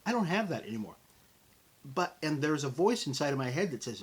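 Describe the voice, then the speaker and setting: Brief: middle-aged American man, podcast host, husky and breathy tone, lively motivational talk aimed straight at the listener. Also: fairly high pitch, brisk. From United States. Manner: animated and conversational, addresses listeners as folks.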